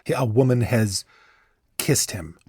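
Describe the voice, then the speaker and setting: A man's voice: medium pitch, lively intonation, a little slow, a little mellow, breathy edge, no echo, clean studio sound. A man co-hosting a podcast, chatting casually about a book and adding easygoing, joking remarks. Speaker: podcast co-host.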